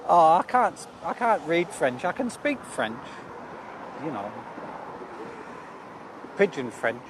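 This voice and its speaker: A man's voice: fairly high pitch, big pitch swings, slow pace, background noise. A man vlogging outdoors by a river while cycling, joking and reading out viewers' comments in a chatty way. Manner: jokey, chatty, reads viewer comments aloud. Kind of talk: live-stream chat while cycling.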